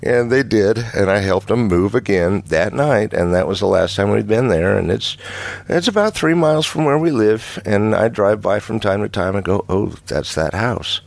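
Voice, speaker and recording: A middle-aged man with a very low, gravelly voice recounts a ghost story from his own life. He speaks casually and haltingly, restarting phrases and breaking into the odd nervous chuckle. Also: no room sound. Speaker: caller telling his own paranormal story. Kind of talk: casual first-person storytelling.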